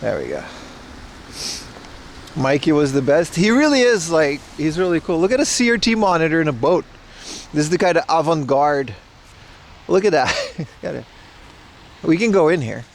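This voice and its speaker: A man's voice: a little high, big pitch swings, normal speed, pauses often, slight background noise. Joking man streaming outdoors. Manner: joking, rambling, playful self-mocking. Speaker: IRL livestream host. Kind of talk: casual walking livestream chat. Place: outdoors at an event in Japan.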